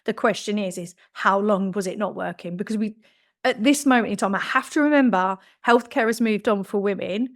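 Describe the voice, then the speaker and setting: A woman in her fifties, a podcast guest telling a personal story in a lively way and acting out the dialogue she quotes. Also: mid-range voice, brisk. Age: 50s.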